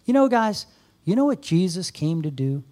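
A guest speaker in his fifties delivers an earnest sermon at a church service before a live audience, exhorting them directly. His voice is high-pitched and sing-song with a dark tone, at a normal speed.

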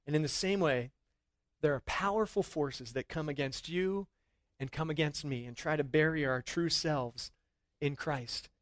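A middle-aged man preaching a sermon in a church, earnest and rising to excited emphasis at times. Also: fairly high pitch, unhurried, no room sound. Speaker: pastor.

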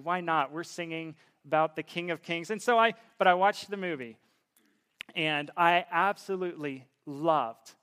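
A young man preaching a conversational sermon, stumbling over repeated words and building up to forceful emphasis. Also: high-pitched.

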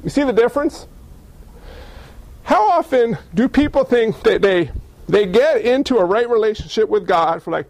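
High-voiced man preaching a folksy sermon. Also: normal speed, creaky, no echo. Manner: folksy and animated, acting out quoted voices.

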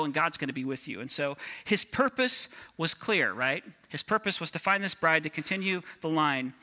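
A man preaching a sermon with energy, often asking the congregation for agreement. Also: on the high side. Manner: energetic, asks the crowd for agreement. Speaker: pastor.

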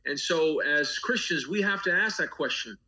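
A man's voice: a little high, lively intonation, normal speed, bright, forceful tone, lo-fi sound. A man, a pastor speaking as an interview guest, talking with a preacher's rhythmic cadence, repeating phrases and building long lists. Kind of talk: impassioned interview talk.

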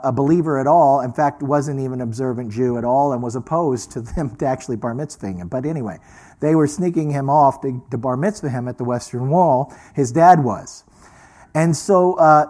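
A man preaching, telling a personal story with lively delivery and acting out the voices of people he met. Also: fairly high pitch. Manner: animated storyteller, acts out quoted voices. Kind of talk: sermon storytelling.

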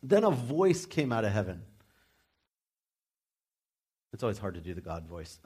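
A man preaching a sermon in a conversational, animated way, with humorous asides. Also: sits low, brisk, pauses often. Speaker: pastor.

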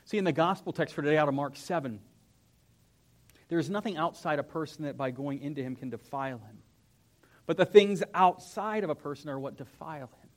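A young male pastor with a fairly high voice gives a lively, conversational sermon in a church. His delivery swings between quiet, reflective passages and sudden energetic peaks. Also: fairly quick. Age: young adult. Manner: animated, conversational, acts out whiny voices. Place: church sanctuary.

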